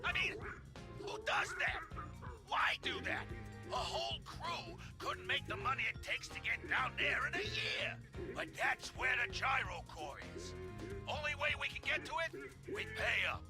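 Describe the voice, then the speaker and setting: A brash, folksy mine foreman from a video game, with a very high, lively voice that bounces all over the place. He fires off colorful slang in a drawl, with game music sounding clearly behind him. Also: unhurried, exaggerated voice. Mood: exasperated. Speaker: game character.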